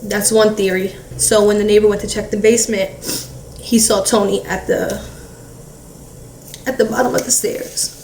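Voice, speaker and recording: A woman recounting a painful family event in halting speech, with many fillers, acting out what relatives said. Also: mid-range voice, little pitch movement, darkish tone. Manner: halting, heavy filler "like", re-enacts relatives' words. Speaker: family member recounting a loss. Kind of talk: emotional personal storytelling. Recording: echoey room, distant mic, faint hiss.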